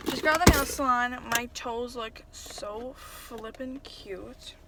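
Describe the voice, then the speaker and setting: A woman's voice: fairly high pitch, measured pace, a bit bright, a little hiss or hum. Chatty young woman vlogging from her car. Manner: chatty and flustered, heavy use of "like" and "literally". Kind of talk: casual vlog chat. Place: in her car and at an outdoor car wash.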